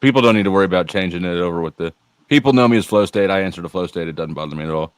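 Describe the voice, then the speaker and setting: A man's voice: deep voice, very fast, smooth, dry recording. A man on a call-in panel chatting casually and trailing off with fillers as he talks.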